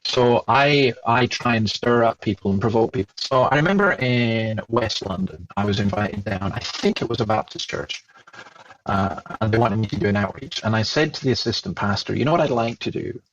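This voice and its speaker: A man with a Scottish accent, a guest telling a lively story and acting out the dialogue he remembers. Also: fairly low pitch, moderate pace, highs cut off, a little hiss or hum. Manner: animated, acts out remembered dialogue. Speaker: Christian speaker and guest. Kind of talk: storytelling in conversation.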